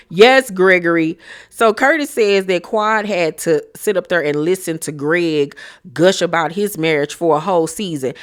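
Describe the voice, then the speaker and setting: A young woman recapping reality TV, talking bluntly and heatedly, swearing often. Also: on the low side. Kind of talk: profane opinionated recap chat.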